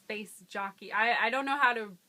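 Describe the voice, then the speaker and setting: A woman in her twenties, an actress, chatting casually in an interview, laughing often and filling pauses with ums. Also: fairly high pitch, bright, forceful tone. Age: 20s.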